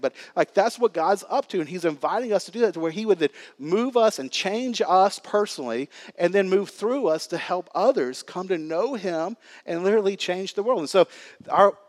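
A man in his thirties preaches in a church with a light, high voice. He talks like he's chatting with friends, full of fillers and easy storytelling. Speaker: pastor. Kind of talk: sermon.

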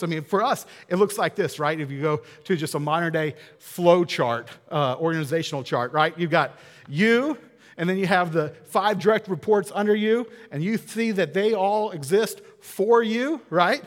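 Male pastor, high voice, chatty and animated sermon delivery, booming hall reverb. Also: normal speed. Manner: conversational, animated, acts out quotes.

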